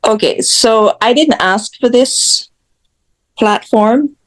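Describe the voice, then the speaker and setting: A woman's voice: a little high, slow. Blunt woman from Jamaica, content creator in interview, wry and candid. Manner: blunt, self-mocking, acts out quoted voices. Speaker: guest, social media creator.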